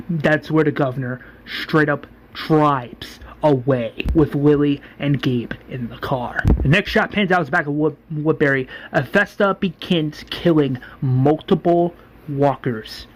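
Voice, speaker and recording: A man casually retells a story, circling back and restarting his sentences often. His voice sits slightly high for a man, and he keeps an easy, meandering flow. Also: a little hiss or hum, poor audio. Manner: rambling, many restarts and "like"s.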